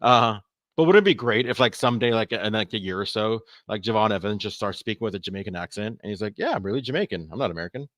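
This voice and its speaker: A man co-hosting a podcast in casual chat, talking in an animated, rambling way and often stammering over his words. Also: on the low side, fast, no echo, clean studio sound. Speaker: podcast co-host.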